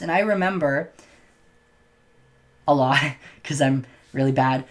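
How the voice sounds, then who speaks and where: A man's voice: mid-range voice, slow pace, a bit bright. A young man talks straight to the camera in a casual vlog. He is open but a little self-conscious. He often stumbles and restarts his words. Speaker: vlogger. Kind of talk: casual personal storytelling to camera.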